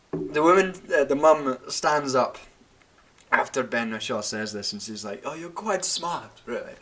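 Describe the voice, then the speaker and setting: A young man, drinking wine while ranting about a TV show in a profane, animated way, laughing and tripping over his words. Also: medium pitch. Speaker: vlogger. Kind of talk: casual rant.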